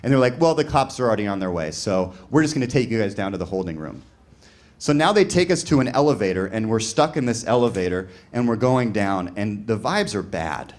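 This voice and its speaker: A man's voice: fairly low pitch, lively intonation, fairly quick. Man telling a rambling stand-up story. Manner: conversational, rambling with lots of "like", voices other people in quotes. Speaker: stand-up comedian. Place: comedy venue with a live audience. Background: audience laughter.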